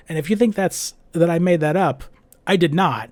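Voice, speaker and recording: A man's voice: on the high side, normal speed, a little mellow. A man giving a profane, exasperated casual rant about a video game.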